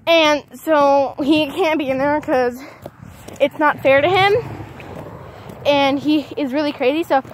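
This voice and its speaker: A high-pitched teenage girl talks casually into a phone held in her hand while walking outdoors. She rambles and keeps breaking off to call her dog. A faint hiss sits under the recording. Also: a little slow, long pauses. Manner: distracted, chatty, keeps calling to her dog mid-sentence. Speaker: vlogger. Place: outdoors on a walk.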